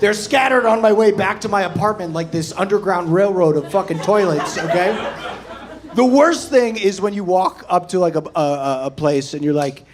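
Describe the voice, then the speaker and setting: A man's voice: sits high, animated, moderate pace, crowd noise. A man in his thirties performing a brash, profane stand-up set, tagging his lines with a pushy "okay?". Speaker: stand-up comedian. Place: comedy club stage before a laughing audience.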